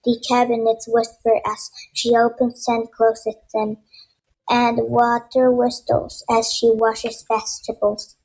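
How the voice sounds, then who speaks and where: A woman narrating a first-person audiobook in a measured, even storytelling manner. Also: on the high side, breathy edge, poor audio.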